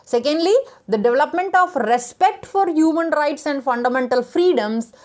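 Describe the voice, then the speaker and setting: A woman's voice: high-pitched, animated, moderate pace, a little mellow. A woman teacher giving an education lecture, reading out numbered points with occasional fillers and restarts.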